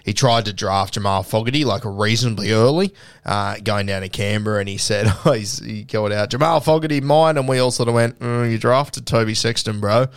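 A man's voice: fairly low pitch, level tone, fairly quick, smooth, dry recording. A man co-hosting a sports podcast, telling stories with heavy swearing. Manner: storytelling, heavy swearing, laughing asides. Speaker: podcast co-host. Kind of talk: casual sports podcast chat.

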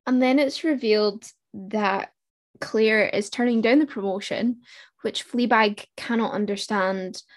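A woman's voice: medium pitch, a little slow. A woman co-hosting a podcast, talking through a TV show in casual chat with thoughtful restarts. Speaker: podcast co-host.

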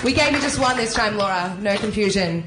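A woman acting as the comedy-show MC. She hypes up the crowd and introduces the acts in a crude, energetic way. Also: medium pitch, fairly quick, over loud music. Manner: hyped-up and crude, whipping up the crowd. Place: comedy club stage.

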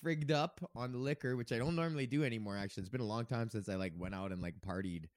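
A man's voice: medium pitch, fast, no room sound. Podcast host, man around thirty, loose profane rambling, dry room sound. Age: 30s. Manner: profane, meandering, laughs often. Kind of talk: rambling casual monologue.

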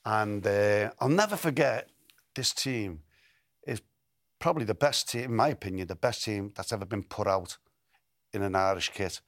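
A man's voice: fairly low pitch, normal speed, no echo, studio quality. An older man, telling football stories in an interview, often repeating and restarting words. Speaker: interview guest, former footballer. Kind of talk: relaxed storytelling interview.

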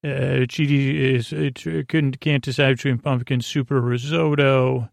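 A man hosting a sleep podcast, recapping an episode in a rambling, halting way with many filler sounds. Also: vocal fry, dry recording, studio quality. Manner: low-key, flat and meandering. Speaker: podcast host.

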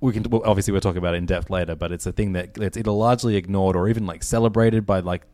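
A man's voice: low-pitched, fairly even intonation, very fast, mellow, dry recording. A man co-hosting a food podcast, talking in a rambling, profane way and laughing often. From Australia. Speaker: podcast co-host. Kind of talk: casual podcast chat.

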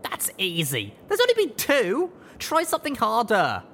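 A brash young pony filly who brushes off her sibling with a scoffing, high voice, as a male narrator puts her on. The pitch jumps sharply upward and sounds like a storybook read aloud. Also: wildly swooping pitch, normal speed, fairly bright tone, a little hiss or hum, full character voice. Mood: dismissive. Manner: scoffing, dismissive. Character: dismissive young pegasus filly, older sister.

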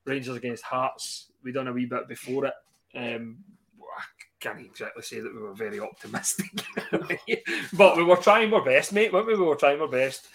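A man's voice: mid-range voice, lively intonation, moderate pace, a bit bright, a little hiss or hum. Chatty man hosting a podcast. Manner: chatty, laughs often, joking with guests. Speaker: podcast host. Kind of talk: casual podcast chat.

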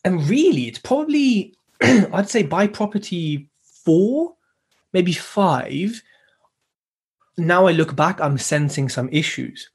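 Man, slightly high voice, husky, reflective casual talk. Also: very animated, slow. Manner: reflective, leans on "you know" and "right". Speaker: podcast co-host. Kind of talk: casual conversation.

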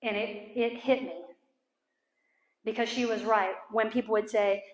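A middle-aged woman preaching with fervor, her voice sitting a little high for a woman. She swings from ringing, near-shouted peaks to hushed prayer and acts out voices for her listeners. The sound bounces around a large, echoey room. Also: steady tone, measured pace, pauses often. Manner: impassioned, rising to near-shouting peaks, then dropping to soft prayer; acts out quotes and jokes with the room. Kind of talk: sermon. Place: large room with a live audience.

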